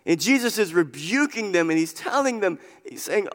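A man's voice: high voice, sing-song, normal speed, few pauses, a bit bright. A man preaching a sermon, impassioned and repetitive, driving his points home with repeated phrases. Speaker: pastor. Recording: long hall reverb.

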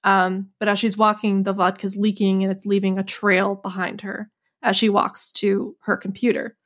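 A woman's voice: medium pitch, flat delivery, normal speed. A woman with a mid-range voice co-hosts a casual movie podcast. She walks through a scene in a dry, teasing way, with the odd aside and filler. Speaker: podcast co-host.

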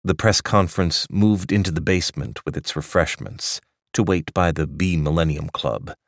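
A man with a very deep voice reads literary fiction aloud, measured and steady in his storytelling. The recording is close and dry, with no room sound around him. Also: dry recording. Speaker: audiobook narrator.

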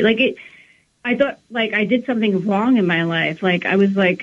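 A woman's voice: mid-range voice, brisk. A woman, around her thirties, tells a personal story as a guest in an earnest, rambling way, often acting out the dialogue she quotes. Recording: narrow phone-like line.

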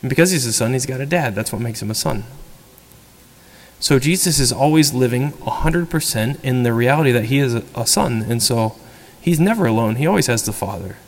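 A male priest giving a sermon in a casual, conversational tone. He acts out the people he quotes with animated energy, and his voice has a middle pitch. The church adds a long, lingering reverb to every phrase. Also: a little fast.

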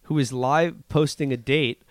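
Deadpan, snarky young man co-host. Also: mid-range voice, a little slow, dry recording. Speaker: podcast co-host. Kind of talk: casual recap chat.

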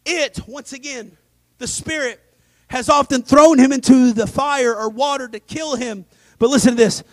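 A male pastor preaching a dramatic sermon, swinging between loud emphasis and hushed asides. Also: extremely high pitch, moderate pace, dry recording. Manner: acts out scripture voices.

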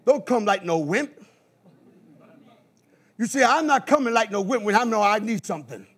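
A man preaching a sermon in an animated call-and-response style, with bursts of shouting. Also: high-pitched, moderate pace, breathy edge.

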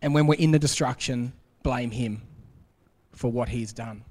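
A man preaching a sermon as pastor, acting out quoted voices and dropping to a hush for emphasis. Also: mid-range voice, a little slow. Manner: animated, acts out quoted voices, drops to quiet for emphasis. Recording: long hall reverb.

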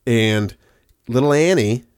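A man's voice: mid-range voice, takes it slowly, a little mellow, smooth, dry recording. Laid-back laughing man, dry close mic. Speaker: podcast co-host. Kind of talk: casual chat.

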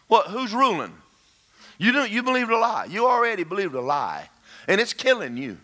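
Male pastor, lively preaching delivery, bright and forceful, slightly high. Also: a little fast. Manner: animated, emphatic, calls out to the congregation. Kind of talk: sermon.

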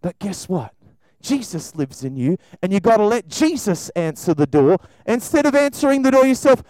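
An animated male preacher whose pitch leaps up and down as he acts out voices. His sound is dry and close, with no room echo. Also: moderate pace. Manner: animated, acts out voices, shifts between loud and soft. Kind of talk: lively sermon to children and a congregation.

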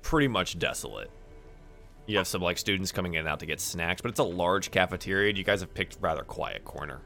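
A man narrating a tabletop game as game master, playful and animated. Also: deep voice, brisk, creaky, soft background music.

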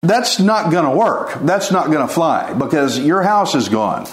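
A man's voice: on the high side, very animated, a little slow. A man preaching an informal sermon, earnest and pleading, with folksy chuckles. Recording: echoey room.

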